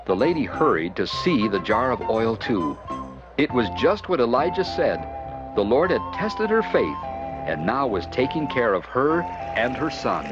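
A man giving scripted narration of a children's Bible story, expressive and animated. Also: medium pitch, measured pace. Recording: dull lo-fi with music behind.

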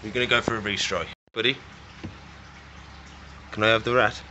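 A man's voice: on the low side, fairly even intonation, moderate pace, sharp tone, slight background noise. A young man keeping reptiles, chatting casually as he feeds them and coaxes and scolds them in a playful way. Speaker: reptile keeper feeding his animals. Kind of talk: casual vlog narration while working.

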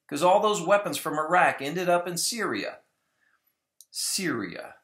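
Guy ranting casually on his vlog, kinda high voice, echoey room. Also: lively intonation, unhurried, a bit bright. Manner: conversational, opinionated, often mimics others mockingly. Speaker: video blogger on Bible prophecy. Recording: roomy echo.

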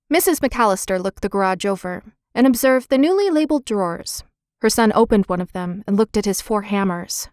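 A woman narrating a children's storybook in a lively, expressive reading, voicing the characters' lines. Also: mid-range voice, a little fast, no room sound, clean studio sound. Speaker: audiobook narrator.

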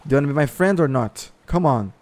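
A Brazilian man with a Brazilian Portuguese accent, excitedly chatting and shouting with other players during an online survival game. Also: fairly high pitch, fast talker. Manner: loud, excitable, shouts and laughs, switches between Portuguese and English. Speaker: gameplay streamer. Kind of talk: excited multiplayer game chat.

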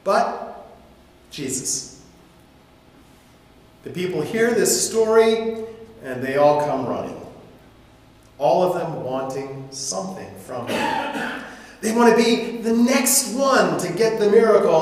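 A man's voice: sits high, unhurried. A man preaching a sermon as pastor, telling the story with animation and slipping into voices, recorded in a church with heavy echo. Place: church sanctuary. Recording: echoey hall reverb.

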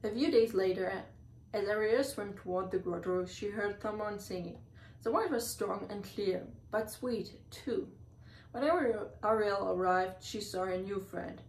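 A woman's voice: medium pitch, measured pace, a little mellow. A woman reading a children's storybook aloud, stumbling and restarting on words now and then. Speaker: reader. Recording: echoey room, far from the mic, faint hiss.

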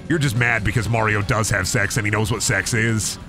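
A man's voice: fairly low pitch, fairly even intonation, fairly quick, over music. Crude joking man streaming a game. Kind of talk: gaming stream commentary.

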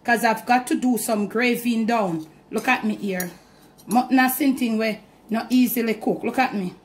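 In her home kitchen, a cooking channel host with a Jamaican accent demonstrates a recipe, chatting straight to the camera and slipping into Patois. Her voice is fairly high at a moderate pace, recorded in an echoey room with some hiss or hum.

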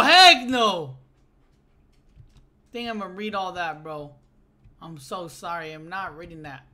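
A young man giving casual let's-play commentary on a horror game, excitable and jumpy, calling everyone "bro" and yelling when startled. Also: a little high. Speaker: gaming YouTuber.

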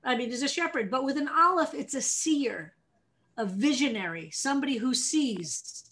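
American woman rabbi, higher voice, leading a study class with questions. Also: normal speed. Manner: animated explainer, asks the class questions. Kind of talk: teaching a text study session.

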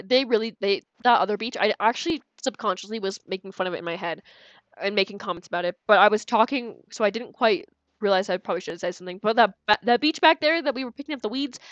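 A woman's voice: mid-range voice, dry recording, lo-fi sound. Giggly young woman streamer, dry mic. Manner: chatty, giggly, talks to chat. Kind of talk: casual gameplay commentary. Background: faint game music.

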